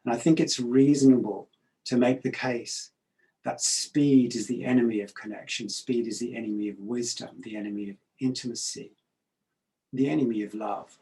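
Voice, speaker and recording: A middle-aged man giving a reflective talk, calm and measured, pausing often with hesitations. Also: mid-range voice, rough recording.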